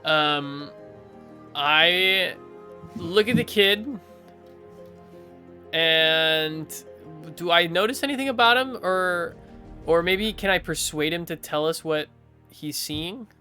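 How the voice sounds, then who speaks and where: A man's voice: a little high, slow, long pauses, bright, forceful tone, soft background music. A man playing a character in a tabletop game, talking eagerly and rambling with many fillers. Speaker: player.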